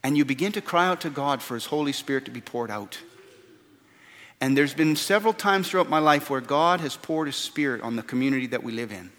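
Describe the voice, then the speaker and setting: A man's voice: mid-range voice, lively intonation, brisk, fairly bright tone. A man preaching a sermon as pastor, earnest and repeating words for stress. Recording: long hall reverb.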